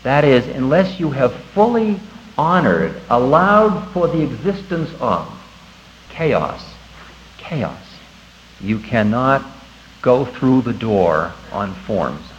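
A man giving a conversational spiritual talk to an audience, animated and laughing at himself. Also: mid-range voice, slow pace, a little hiss or hum. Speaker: spiritual teacher. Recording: dull lo-fi recording with faint ambience.

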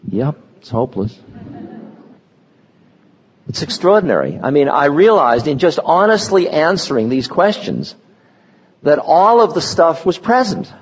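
An older man giving a slow, meditative spiritual talk, pausing between words, recorded lo-fi in a reverberant hall. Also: a little high, sing-song, slightly rough. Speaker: spiritual teacher.

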